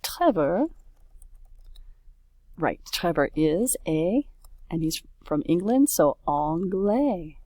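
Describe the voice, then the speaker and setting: A woman's voice: lowish voice, sing-song, slow pace, long pauses, a little mellow, no echo, clean studio sound. A woman French teacher talking casually through a worksheet, correcting herself and saying oops as she goes. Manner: chatty, self-correcting, says oops often.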